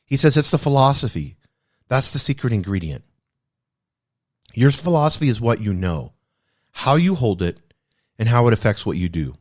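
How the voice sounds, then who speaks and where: A man's voice: fairly low pitch, darkish tone. A man hosting a podcast, discussing a self-help book in an earnest, reflective way and repeating key phrases for emphasis. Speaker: podcast host.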